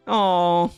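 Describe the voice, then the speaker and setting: Giggly young woman streamer with a smooth voice. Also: medium pitch, darkish tone, no echo. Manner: giggly, chatty, gushing, says "like" a lot. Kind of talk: casual livestream chat, reading a visual novel aloud.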